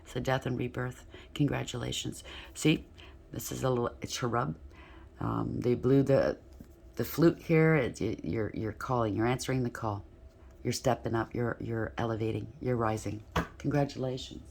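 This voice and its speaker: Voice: mid-range voice, moderate pace, creaky, darkish tone, slight background noise. Tarot reader talking straight to the listener. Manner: addresses the listener directly with frequent rhetorical checks; stumbles and restarts while talking. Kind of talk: casual spoken tarot reading to camera.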